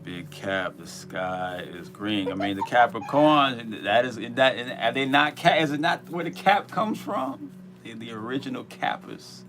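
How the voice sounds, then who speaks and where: A man's voice: medium pitch, animated, measured pace, hardly any pauses, fairly bright tone, slight background noise. A man co-hosting a spirituality show in a loose, rambling way, with many restarts and fillers. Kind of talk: casual spiritual talk and Q and A.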